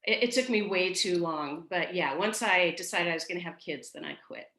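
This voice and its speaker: A woman's voice: fairly low pitch, brisk, sharp tone, echoey room. A middle-aged woman from Nebraska, an ER nurse, talking candidly and laughing easily in a video-call interview. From Omaha, Nebraska. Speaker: ER nurse guest.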